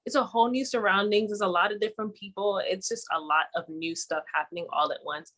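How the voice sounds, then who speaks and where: A woman's voice: medium pitch, fast, few pauses, fairly bright tone. A woman co-hosting a casual podcast chat, telling laid-back stories about her routines. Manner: chatty, storytelling, laid-back. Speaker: podcast co-host.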